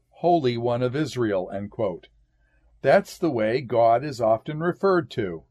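A man giving a classroom lecture, reading out scripture passages in a measured way and marking each quotation with "quote" and "end quote". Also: mid-range voice, a little mellow.

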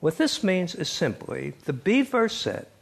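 Older male lecturer, gravelly, slightly high voice, wry and chatty. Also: very animated, a little slow. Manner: wry, chuckling storyteller, reads quotes aloud. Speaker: lecturer on biblical poetry. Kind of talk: classroom lecture.

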